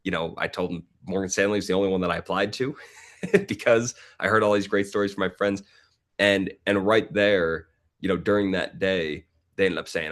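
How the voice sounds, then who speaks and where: A man in his forties, a podcast guest, telling a personal story in a casual, animated way and acting out other people's lines. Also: sits low, normal speed. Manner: animated, acts out the voices of people in his stories.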